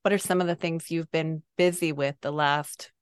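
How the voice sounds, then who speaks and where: A woman's voice: low voice, fairly even intonation, moderate pace, clear, resonant tone, no echo. Effusive woman hosting a podcast. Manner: effusive, chatty, frequent ums. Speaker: podcast host. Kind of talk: casual podcast chat.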